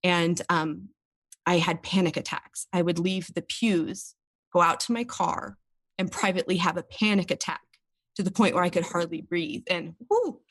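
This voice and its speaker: A woman's voice: fairly low pitch, steady tone, normal speed, dry recording. Woman, thirties, earnest and open, interview guest, dry close sound. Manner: earnest and open, tearful at times. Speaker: podcast guest. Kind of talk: candid interview talk.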